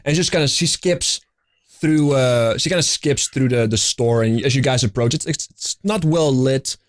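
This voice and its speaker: A man's voice: medium pitch, normal speed. A man narrating as game master of a tabletop role-playing game, rambling with fillers and restarts.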